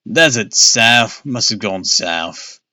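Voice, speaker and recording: A man's voice: on the low side, expressive, slow, sharp tone, no room sound, clean studio sound, exaggerated voice. A man voicing a frustrated father who snaps and grumbles gloomily while lost on a road trip, read from a children's storybook. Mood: grumpy. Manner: snapping and gloomy.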